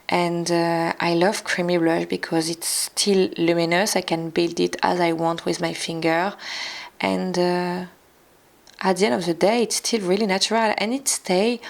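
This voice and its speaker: A woman with a French accent, a native French speaker, narrating a makeup tutorial in a soft, careful way, with small restarts and slips in English. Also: on the low side, creaky. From France. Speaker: beauty vlogger.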